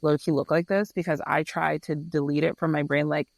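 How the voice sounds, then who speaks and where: A man co-hosting a podcast, reacting to a film in an animated, casual way with sudden jumps in pitch. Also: brisk, vocal fry, dry recording. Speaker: podcast co-host.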